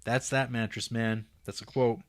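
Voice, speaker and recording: A man talks through a film plot in relaxed podcast chat, his voice sitting at an ordinary middle pitch. He keeps acting out the characters' lines in quick voices. The sound is dry and close, with no room echo. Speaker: podcast co-host. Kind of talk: casual film review chat.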